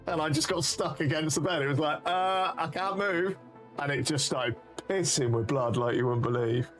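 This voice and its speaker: A man's voice: medium pitch, fairly even intonation, moderate pace, soft background music. Sweary British man telling rambling stories. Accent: British English. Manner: rambling, sweary, laughing at his own anecdotes. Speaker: streamer. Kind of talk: casual storytelling on a live stream.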